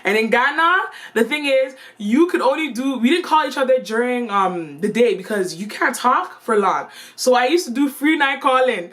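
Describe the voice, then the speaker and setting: A young woman telling a storytime vlog in an animated, playful and slangy way. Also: fairly high pitch, moderate pace, few pauses, a little hiss or hum. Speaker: vlogger.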